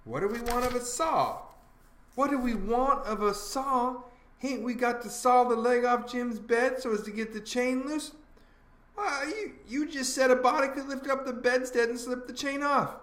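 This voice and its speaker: A man's voice: extremely high pitch, moderate pace, fairly bright tone. A man voicing a plain-spoken, skeptical teenage boy who talks in practical folksy dialect, in an audiobook reading. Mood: puzzled. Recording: roomy echo.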